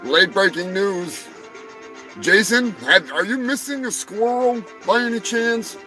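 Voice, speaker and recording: A man hosting a live stream, riffing on animal news in a rambling, profane, jokey way, swinging between loud outbursts and muttered asides. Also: high-pitched, expressive, takes it slowly, faint music behind, low-quality recording. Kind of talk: profane comedic news rant.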